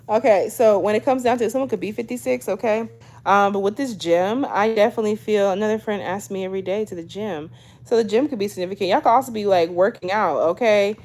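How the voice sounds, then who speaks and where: A woman in her 20s with a medium-pitched, slightly mellow voice gives a casual tarot reading to camera. She's chatty, often ends lines with "okay?", and calls her viewers "y'all."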